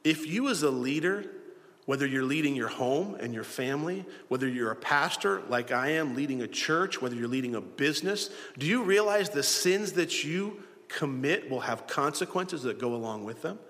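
Male pastor preaching, somewhat high and very animated delivery, long church-hall reverb. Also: moderate pace. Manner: preaching with rhetorical questions to the congregation. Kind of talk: sermon.

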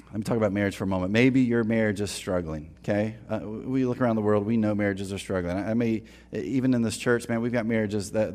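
A man's voice: on the low side, darkish tone. A man preaching a sermon in a church, conversational and repeating words as he starts phrases. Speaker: pastor. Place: church sanctuary.

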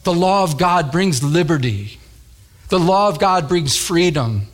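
High-voiced animated preacher man. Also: unhurried. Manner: animated storytelling, acts out voices. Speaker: pastor. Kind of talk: sermon with personal story.

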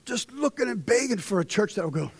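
A young man preaching a sermon, dropping to hushed intensity, then rising into loud exhortation as he reads scripture. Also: high voice, very animated, quick pace, slight background noise.

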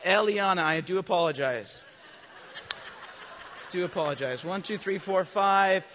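In a large, reverberant church, a male preacher with a notably high voice delivers a children's sermon at a measured pace, repeatedly posing questions and answering them himself. At times he bursts into loud, animated emphasis. Long hall reverb fills the recording, along with a little hiss or hum.

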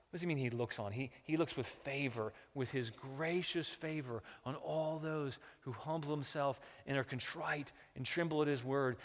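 A man preaching a sermon as pastor, moving between quiet reflective passages and loud impassioned ones. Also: medium pitch, normal speed, few pauses, big-room sound.

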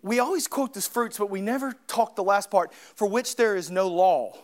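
A man preaching a sermon with passion, dropping to quiet asides and rising to shouted peaks. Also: high-pitched, normal speed, hardly any pauses. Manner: impassioned, swings from quiet to shouting.

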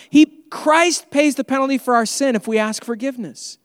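A man's voice: very high-pitched, expressive, fairly quick, few pauses, a bit bright, no echo, studio quality, long reverb tail. A man preaching an earnest, conversational sermon as pastor.

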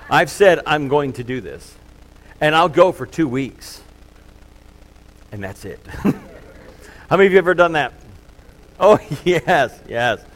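A man's voice: a little high, animated, slow, pauses often, poor audio. A middle-aged man preaching a sermon in a loose, conversational way, full of fillers and self-deprecating asides. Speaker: pastor.

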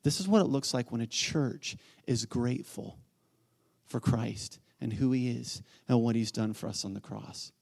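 A man preaching a sermon as pastor, building from quiet lines to excited, loud calls. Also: medium pitch, normal speed, vocal fry. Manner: animated, swings from quiet to near-shouting.

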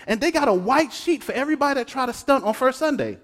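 A pastor preaching a sermon who teases his congregation and swings between hushed asides and loud exclamations. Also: extremely high pitch, lively intonation, fast talker. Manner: talks straight to the congregation, joking and teasing. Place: church sanctuary. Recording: long hall reverb.

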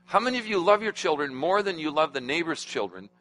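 Bright-voiced preaching man. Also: fairly high pitch, fast, rough recording. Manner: animated preaching that swings between hushed and emphatic, quizzing the congregation. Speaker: pastor. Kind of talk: sermon.

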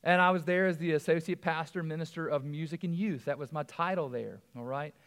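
A man's voice: fairly high pitch, a little fast, fairly bright tone, smooth. A man, preaching a conversational sermon as pastor, with frequent asides and repeated words.

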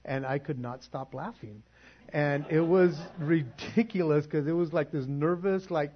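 A middle-aged man preaching to his congregation, telling a story with animated quoted voices before moving into prayer and announcements. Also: fairly high pitch, moderate pace, lo-fi sound. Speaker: pastor. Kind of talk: sermon. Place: church.

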